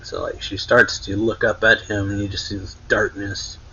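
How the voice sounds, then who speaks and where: A man's voice: lowish voice, little pitch movement, moderate pace, bright, forceful tone, a little hiss or hum. A man hosting an anime reaction show, casually retelling a story with lots of "like", in a dull lo-fi recording. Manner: loose retelling full of "like". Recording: dull lo-fi sound.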